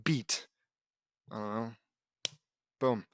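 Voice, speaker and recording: A man's voice: fairly high pitch, lively intonation, normal speed, no echo, clean studio sound. A man reading fan fiction aloud and breaking off into sarcastic, mocking commentary. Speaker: audiobook reader and commentator.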